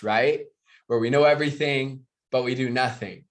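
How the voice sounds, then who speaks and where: A man from the United States giving an energetic, joking motivational sales training to a live video call audience, often asking his listeners questions. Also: medium pitch, moderate pace. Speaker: network marketing trainer.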